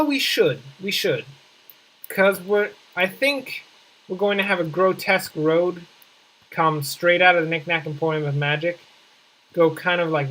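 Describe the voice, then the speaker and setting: A man's voice: on the high side, pushed and bright, low-quality recording. A man giving casual let's-play commentary while building a city, chatty and wry, mocking himself and thinking aloud as he plays. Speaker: gameplay commentator.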